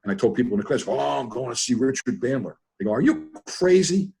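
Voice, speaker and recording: An older man telling rambling stories in a casual, animated way over a video call. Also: mid-range voice, fast, gravelly, breathy edge. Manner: animated, rambling, repeats himself. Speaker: guest trainer. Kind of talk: casual storytelling.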